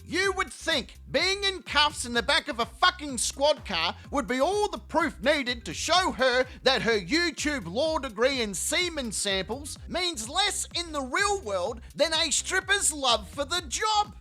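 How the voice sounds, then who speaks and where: A man with a very high, bright voice delivers a profane, mocking comedy rant. His pitch swings widely as he jumps between tangents. Faint music plays underneath. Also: sing-song, a little slow, hardly any pauses. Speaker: channel host.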